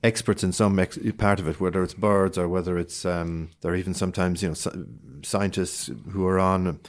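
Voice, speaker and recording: Low-voiced man telling a travel story. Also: brisk. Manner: animated storyteller with many fillers and restarts. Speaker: guest. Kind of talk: casual chat.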